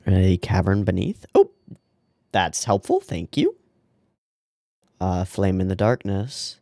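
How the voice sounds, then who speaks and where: A man with a low, mellow voice speaks slowly with long pauses and huge pitch swings while hosting an anime reaction video. In casual commentary he laughs, swears often, reads on-screen lines and talks back to the screen. Clean studio sound, no echo.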